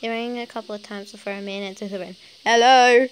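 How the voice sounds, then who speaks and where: A woman's voice: medium pitch, fairly even intonation, rapid-fire, slight background noise, low-quality recording. A woman casually reading fan fiction aloud, chatty and giggly, breaking off for side comments.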